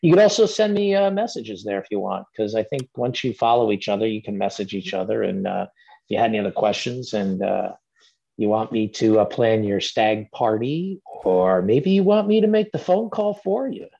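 A man's voice: fairly low pitch, animated, normal speed, gravelly, mellow, husky, lo-fi sound. A man guesting on a podcast as an actor, chatting casually and rambling with plenty of fillers and restarts. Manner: easygoing, rambling with many fillers.

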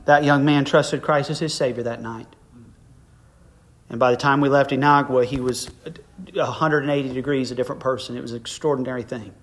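A man's voice: medium pitch, steady tone, fairly quick, fairly bright tone. A middle-aged man preaching a sermon as a pastor, telling a story in a conversational way that climbs to emphatic peaks.

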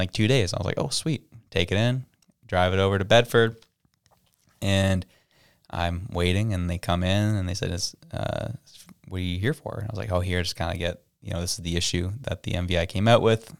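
A Canadian man co-hosts a relaxed, casual podcast chat in a deep, smooth voice with a gravelly edge. He tells stories and acts out the people he quotes. The recording sounds close and dry.

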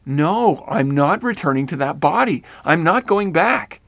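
A distraught woman in a spoken story pleads and protests, loud and a touch higher than the teller's usual voice, as a man reads her lines. The voice stays gravelly with fry underneath, at a middle pitch for a man. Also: fairly even intonation, moderate pace, dry recording. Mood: protesting. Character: woman refusing to return to her body.

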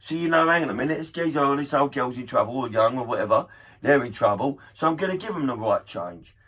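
Husky, sweary man ranting. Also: medium pitch, animated, fast talker, a bit bright, distant mic. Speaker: podcast co-host. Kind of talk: casual banter, heavy swearing.

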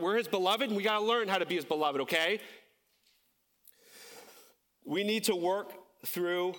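Man, pastor, sermon, fairly high voice, impassioned, conversational asides. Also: a bit bright. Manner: impassioned, climbing high and slowing on key phrases; conversational, self-correcting asides.

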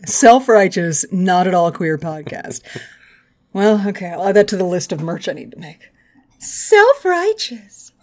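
A woman's voice: lowish voice, moderate pace, dark tone. A woman in her thirties co-hosting a podcast in casual chat, joking, laughing and swearing freely. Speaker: podcast co-host.

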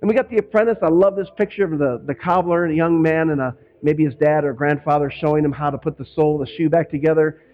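A man's voice: on the high side, fast talker, hardly any pauses, highs cut off. A man preaching as a pastor in a conversational way, from Northwest Indiana, slipping into quoted voices now and then. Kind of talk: sermon.

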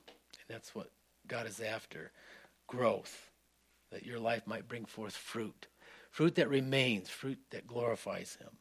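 An earnest male pastor delivering a sermon, his mid-pitched voice sitting in the middle of the usual male range. He presses hard on key lines, then drops to soft, near-hushed passages. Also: slightly rough.

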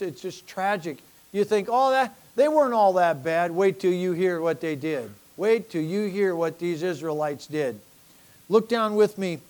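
An older man delivers a sermon in a fairly high voice. He wanders into folksy personal stories and acts out the people he quotes, then returns to reading scripture. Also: a little mellow. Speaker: pastor.

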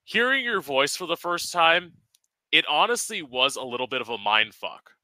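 Sharp, bright-voiced teasing male host. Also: a little high, very animated, moderate pace, no echo, rough recording. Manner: playful, teasing, swears casually. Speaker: podcast host. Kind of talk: casual interview chat.

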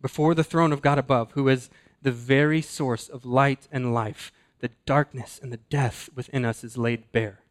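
A man preaching a sermon, earnest and deliberate, slowing down and dropping his voice to stress key words. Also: medium pitch, steady tone. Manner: earnest, slows and drops to a hush for emphasis. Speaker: pastor.

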